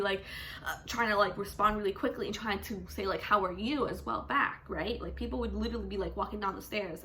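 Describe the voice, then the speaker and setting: Chatty woman vlogger with a bright voice. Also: mid-range voice, a little hiss or hum. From Canada. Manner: chatty, animated, says "like" constantly. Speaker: teacher. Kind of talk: casual vlog chat.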